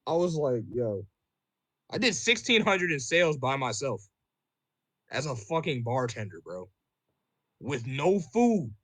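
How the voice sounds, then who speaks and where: A man tells a bar story in loose, profane casual chat, peppered with fillers and "bro". His voice sits at an ordinary middle pitch. The sound is dry and close, with little room around it. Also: big pitch swings, a little slow, fairly bright tone, no echo. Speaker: podcast host telling a story.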